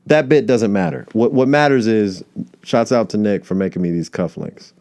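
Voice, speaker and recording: A man's voice: on the low side, normal speed, vocal fry, a little mellow. A male comedian hosting a solo podcast, rambling from tangent to tangent and swearing casually.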